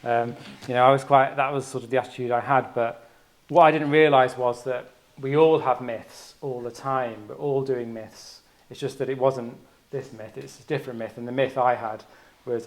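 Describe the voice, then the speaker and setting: An earnest man gives a reflective talk at a retreat, searching for his words as he goes. His voice sits at an ordinary middle pitch, and his delivery is personal rather than polished. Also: steady tone, moderate pace, hardly any pauses. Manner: earnest, searching, thinks aloud. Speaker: retreat speaker, doctor.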